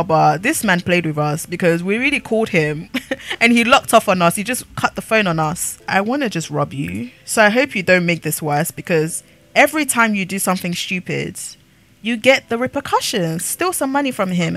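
A woman's voice: medium pitch, bright, forceful tone. A young woman giving sassy, laughing commentary while playing a life-sim game. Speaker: gaming YouTuber. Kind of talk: let's-play commentary.

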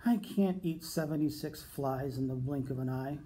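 A man's voice: medium pitch, moderate pace, mellow, a little hiss or hum, natural voice. A man voicing a young boy turtle who fibs and then frets about it, earnest and a bit pleading.

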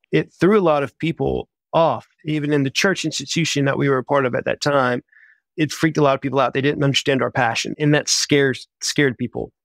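Man, podcast guest, animated storyteller, quick bursts, dry close sound. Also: mid-range voice, dry recording. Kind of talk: casual interview storytelling.

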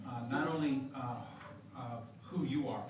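A man leading a closing spoken prayer in church, steady and repeating "Lord God" between phrases. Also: medium pitch, a little slow, noisy background. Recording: very echoey room, far from the mic, congregation behind.

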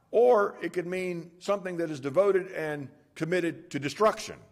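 A male pastor preaching an expository sermon in a church. He explains Greek words and swings between loud emphatic lines and hushed ones. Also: on the high side.

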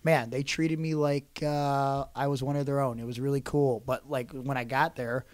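A man, a professional wrestler on a podcast, telling a lively story in casual chat and acting out quotes. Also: medium pitch, normal speed, dry recording. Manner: animated storyteller, acts out quotes. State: hoarse voice. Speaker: podcast guest, pro wrestler.

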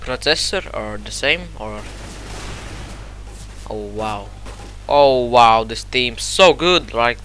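A man with non-native English giving excitable, cursing gameplay commentary, often shouting at the game and searching for words. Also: medium pitch, slow pace, pauses often, slight background noise. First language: not English. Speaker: gamer.

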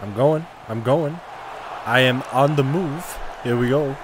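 A man giving casual, excitable commentary over his own gameplay, cheering and trash-talking the players. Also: mid-range voice, measured pace, noisy background. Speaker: gaming commentator.

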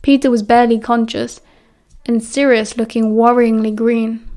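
A woman reading a story aloud as an audiobook narrator in a quiet, even way. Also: a little high, moderate pace. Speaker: audiobook reader.

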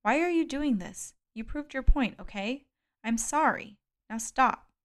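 A woman's voice: medium pitch, steady tone, normal speed, clear, resonant tone, lightly acted. A woman reading an audiobook, voicing a desperate man who protests and pleads with rising anger. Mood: furious, panicked. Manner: pleading, outraged, rising to shouts. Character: desperate middle-aged man, the narrator-hero.

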